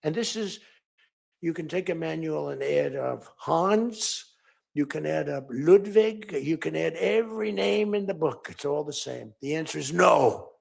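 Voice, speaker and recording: An older man speaks at a press conference in a raspy, gravelly voice set a little high. He digresses and repeats himself, and he acts out both sides of his conversations. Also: measured pace, a little mellow. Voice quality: gravelly and husky. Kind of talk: rambling off-the-cuff speech.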